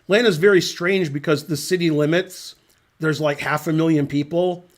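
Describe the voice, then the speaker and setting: The chess commentary comes from a middle-aged man whose voice is a touch higher than usual, delivered at normal speed with fairly even intonation. He talks in a relaxed, offhand manner and slips into long, dryly rambling asides.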